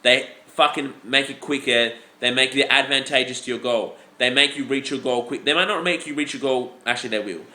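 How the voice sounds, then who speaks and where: A man's voice: mid-range voice, a little fast, few pauses, bright, forceful tone. A young Australian man ranting into the camera, blunt and heavily profane, rambling with many restarts and "you know" asides. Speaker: fitness vlogger. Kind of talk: ranting vlog monologue. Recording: echoey room.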